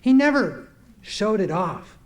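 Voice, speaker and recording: Taking it slowly, a very animated man with a high-pitched voice delivers an earnest spoken tribute to a gathering. He reminisces warmly and performs the quoted lines as he tells them.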